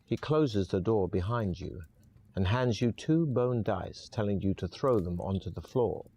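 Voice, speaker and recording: Deep-voiced male game narrator. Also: animated, unhurried, dark tone, breathy edge. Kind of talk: scripted second-person narration.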